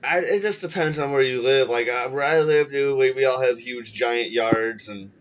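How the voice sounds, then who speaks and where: A man's voice: mid-range voice, normal speed, dull audio. A man from the US Midwest with a Chicago-area accent, nasal and getting over a cold, hosting a loose, profane casual chat. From Illinois, US Midwest. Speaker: podcast host.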